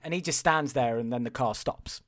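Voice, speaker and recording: Animated, foul-mouthed podcast co-host. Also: medium pitch, normal speed. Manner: animated, swears freely, acts out quotes. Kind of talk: casual chat recapping a film.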